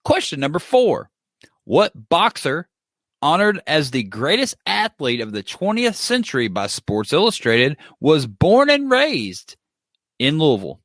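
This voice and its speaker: A man's voice: fairly high pitch, wildly swooping pitch, unhurried, fairly bright tone, no echo, clean studio sound. A man co-hosting a podcast over a video call, joking around while reading out trivia questions. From Kentucky. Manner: joking, reads questions aloud. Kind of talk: casual chat.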